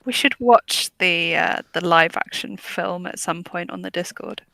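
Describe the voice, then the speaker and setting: A woman's voice: fairly low pitch, measured pace, creaky, sharp tone, no room sound. A woman co-hosting a casual livestream, chiming in with wry, chatty remarks. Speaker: stream co-host.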